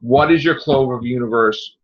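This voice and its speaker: A man's voice: mid-range voice, moderate pace. A man co-hosting a podcast in casual chat, ranting with heated profanity. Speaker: podcast co-host. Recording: dull lo-fi audio.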